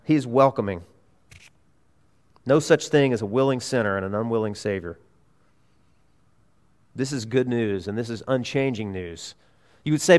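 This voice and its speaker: A man preaching a sermon as a pastor in a church, emphatic, repeating key phrases and swinging between loud urgency and hushed tones. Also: mid-range voice, brisk, long pauses.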